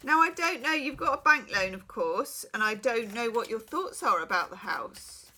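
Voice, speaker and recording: A woman's voice: fairly high pitch, lively intonation, normal speed, bright, forceful tone. A middle-aged woman who is losing her voice, giving a frank, chatty private tarot reading full of reassuring asides. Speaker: tarot reader.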